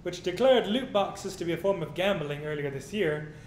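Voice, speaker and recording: A man's voice: animated, normal speed. A man co-hosting a casual news commentary stream, ranting with profanity and reading news items aloud. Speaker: co-host. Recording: echoey room with faint rumble.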